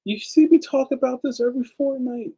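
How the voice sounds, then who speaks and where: A man's voice: extremely high pitch, brisk, mellow, breathy edge, low-quality recording. A man hosting a casual livestream, chatting enthusiastically and speaking straight to his viewers. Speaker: livestream host and cartoonist.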